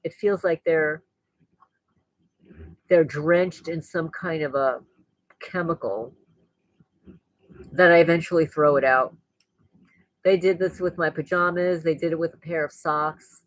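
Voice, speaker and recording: A woman's voice: low-pitched, a little slow, long pauses, no room sound, rough recording. A woman hosting her own channel, talking straight to viewers in a frank, rambling way and sounding angry and blunt. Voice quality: voice no longer sweet, rougher than before. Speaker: channel host. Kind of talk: casual monologue to viewers.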